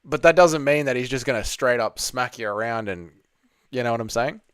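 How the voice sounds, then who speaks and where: A man's voice: medium pitch, fairly even intonation, fairly quick, clean tone, dry recording, studio quality. A young man hosting a casual livestream from home, talking bluntly and crudely and reading viewer comments aloud. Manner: blunt, crude banter, reads chat aloud. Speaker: livestream host.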